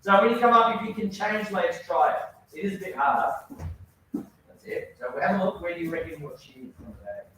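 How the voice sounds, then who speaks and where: A man's voice: high-pitched, brisk, background noise. A man teaching a children's karate class, giving instructions and praising his students often. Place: indoor training hall. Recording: very echoey hall, mic far off.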